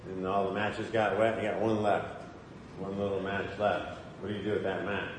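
Male preacher with a somewhat low voice, conversational sermon to a congregation, recorded in an echoey hall with faint ambience. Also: little pitch movement, normal speed, background noise. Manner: conversational, asks the congregation questions. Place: church hall.

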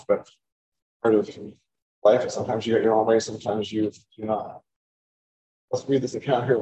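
A man's voice: on the low side, dark tone, muffled recording. A man giving a sermon on scripture in a conversational way, often repeating words as he finds them. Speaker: preacher. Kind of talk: sermon, Bible teaching.

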